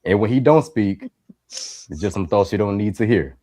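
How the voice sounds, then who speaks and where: A man's voice: fairly low pitch, lively intonation, normal speed, mellow. A man with a Chicago accent introducing guests on a casual podcast, easygoing and playful, often repeating himself. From Chicago, USA. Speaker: co-host.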